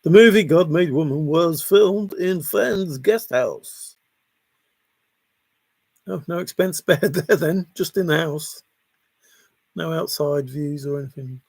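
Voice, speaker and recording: Slow easygoing guy, gravelly husky voice, dry close sound, greeting chat folks and joking. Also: a little high, darkish tone, dry recording. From half Italian, half Scottish heritage. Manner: chatty, jokey, greets viewers by name. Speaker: livestream host reading chat. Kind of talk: casual chat.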